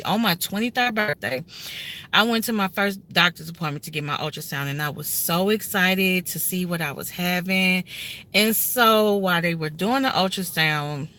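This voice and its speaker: A woman in her thirties speaks into a phone held at arm's length inside a car. Her voice is low-set but bright and forceful. She tells a personal story in an earnest, emotional way and often turns straight to her viewers. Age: 30s. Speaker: vlogger telling a personal story. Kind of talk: casual heartfelt story time.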